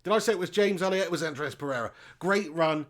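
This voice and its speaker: A man's voice: a little high, fast, fairly bright tone. A man hosting a live football watch-along stream, chatting casually and reading out viewer comments. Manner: chatty, reads out viewer comments, calls them mate.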